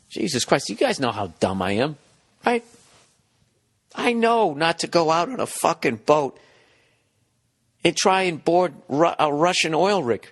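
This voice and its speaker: A man's voice: on the high side, a bit bright. A man, ranting profanely and incredulously in a casual comedic monologue. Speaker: podcast host.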